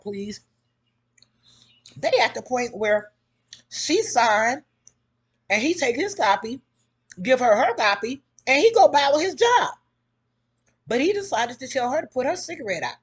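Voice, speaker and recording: A woman with a husky, slightly breathy voice talks straight to her viewers in casual commentary. She speaks, and her retelling is animated and outraged, full of quoted back-and-forth. Her pitch sits right in the middle for a woman. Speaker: vlogger.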